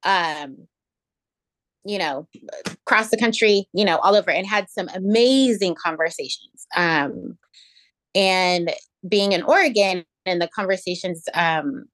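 A woman's voice: on the low side, unhurried, a bit bright, no echo. A woman guest in an interview, telling stories in a reflective way with many fillers and restarts. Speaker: interview guest, education equity director. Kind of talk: conversational storytelling in an interview.

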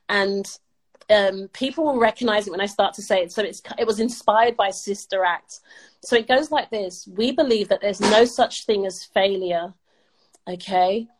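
A middle-aged British woman with a medium-pitched voice appears as an upbeat podcast guest, speaking emphatically and motivationally in an interview and laughing often. The recording is rough.

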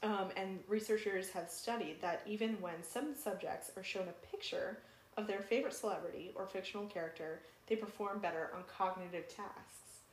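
A woman's voice: medium pitch, moderate pace. A young woman co-hosting a podcast in casual, chatty talk, with frequent fillers and laughs. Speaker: podcast co-host. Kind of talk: casual chat. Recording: roomy echo.

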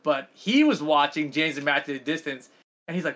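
Podcast guy telling the whole story, bright edgy voice, quotes people. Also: on the high side, brisk. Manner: story-driven, swearing, acts out quotes. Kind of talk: casual podcast chat.

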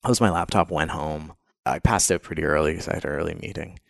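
A man from Canada, a podcast guest, telling a personal story in an interview in an animated, candid way and swearing freely. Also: very deep voice, fast, gravelly, no room sound, clean studio sound.

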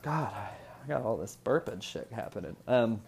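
A man's voice: on the low side, animated, moderate pace, creaky, a little mellow, slightly rough. A man in his twenties from Indiana, talking at home in a rambling, profane casual chat and laughing often. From Indiana, USA. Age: 20s. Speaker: vlogger.

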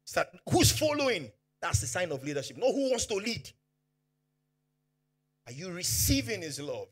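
A man with a Nigerian accent preaching a sermon as pastor, fervent, swinging from hushed to shouting, and dropping Pidgin asides. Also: sits high, big pitch swings, normal speed.

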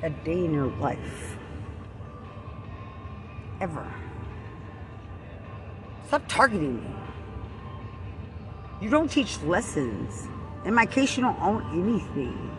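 A man's voice: high voice, sing-song, takes it slowly, pauses often, music in the background. A man ranting angrily outdoors, accusing someone over and over and swearing. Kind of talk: angry confrontational rant.

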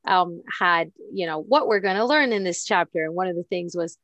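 A woman's voice: lowish voice, moderate pace, a bit bright, no room sound. A woman who teaches languages, chatting casually about pronunciation and laughing now and then. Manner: chatty, laughs between points. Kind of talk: casual educational podcast chat.

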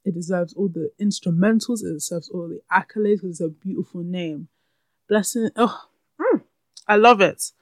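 A woman's voice: lowish voice, normal speed, warm tone, no room sound. A young woman hosting her podcast, talking candidly and laughing often, close to the mic in a room at home. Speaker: podcast host. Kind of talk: casual solo podcast chat. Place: room at home with window open. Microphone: podcast microphone, close.

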